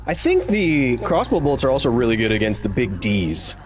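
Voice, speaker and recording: Over soft background music, a gaming streamer in his thirties offers playful, jokey live commentary on his game. His medium-pitched voice is very animated at a moderate pace, and he keeps slipping into silly voices and exclamations.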